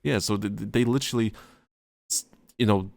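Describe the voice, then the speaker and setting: A man co-hosting a podcast in casual chat, rambling and halting, with plenty of fillers and restarts. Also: on the low side, gravelly, a little mellow, no room sound, studio quality. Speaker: podcast co-host.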